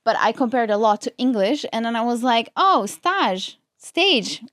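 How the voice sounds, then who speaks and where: A Brazilian woman whose first language is Portuguese chats casually with a friend on a podcast. Her voice sits a little high and sounds lively and animated. She laughs often, and the recording is dry and close. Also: moderate pace, no room sound. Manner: animated, laughs often, says "girl" a lot. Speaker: podcast co-host. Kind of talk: casual chat.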